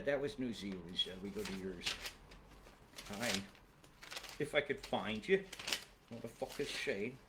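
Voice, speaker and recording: A man's voice: mid-range voice, a bit bright, a little hiss or hum. A man hosting a weather livestream who rambles into angry, profane, conspiratorial rants.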